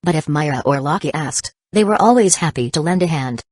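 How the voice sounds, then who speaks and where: Woman reading an audiobook, low voice, super dry close sound. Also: expressive, brisk, darkish tone, no room sound. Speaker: audiobook narrator. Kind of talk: scripted narration.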